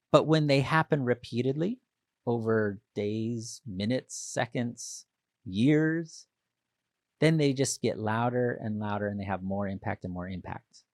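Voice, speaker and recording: A man hosting a motivational leadership podcast, talking alone to listeners and acting out the inner voice with sudden loud outbursts. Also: medium pitch, no room sound, clean studio sound. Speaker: podcast host. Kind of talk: motivational solo podcast talk.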